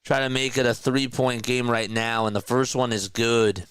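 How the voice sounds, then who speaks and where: A man's voice: mid-range voice, flat delivery, normal speed, a bit bright, clear, resonant tone, no echo. A young man from South Jersey with a South Jersey accent, calling live basketball play-by-play in a chatty way, laughing at his own asides. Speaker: play-by-play commentator.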